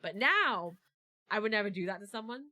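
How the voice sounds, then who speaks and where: A woman's voice: mid-range voice, expressive, brisk, sharp tone, dry recording. A woman hosting a casual stream chat, rambling and repeating herself as she talks. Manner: rambling, repeats words, lots of fillers. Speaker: streamer and host.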